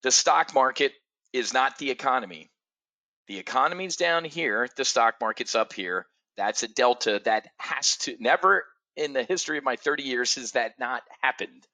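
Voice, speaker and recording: A man's voice: mid-range voice, expressive, moderate pace, bright, forceful tone. A middle-aged man hosting a live trading show, giving blunt, profane market commentary and answering viewers by name. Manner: addresses viewers directly by name.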